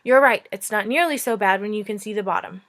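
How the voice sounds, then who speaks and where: A woman's voice: mid-range voice, quick pace, a bit bright, natural voice. A woman playing Shiera, an impatient young princess. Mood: relieved.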